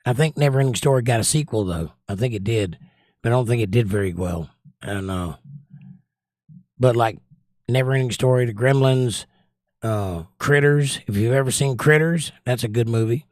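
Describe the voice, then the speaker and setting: A man's voice: medium pitch, moderate pace, no room sound, studio quality. A Southern American man hosting a livestream, reading viewer comments aloud in a casual, chatty way and giving firm, opinionated takes. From Southern United States. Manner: opinionated, chatty, recommends movies with strong takes. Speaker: livestream host.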